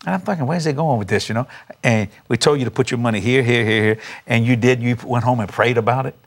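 A man, a pastor telling a testimony story with animated, laughing preacher emphasis. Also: medium pitch, quick pace. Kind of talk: storytelling testimony on a talk show.

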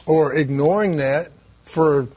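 A man's voice: a little high, takes it slowly, darkish tone. A man in a casual Christian conversation, agreeing with his partner and talking loosely with fillers. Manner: casual, agreeing, uses fillers like "you know".

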